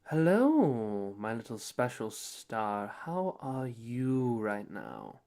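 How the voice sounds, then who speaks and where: A man voicing a sweet-talking vampire matriarch who speaks slowly and softly in a doting way. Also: mid-range voice, huge pitch swings, creaky, heavily acted.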